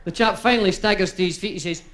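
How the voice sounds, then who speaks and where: A man's voice: sits high, fast talker, a bit bright, a little hiss or hum. A male stand-up comedian from Dundee with a Dundee Scottish accent, telling chatty jokes to a live crowd. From Dundee, Scotland. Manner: chatty, punchline-driven storytelling to a crowd.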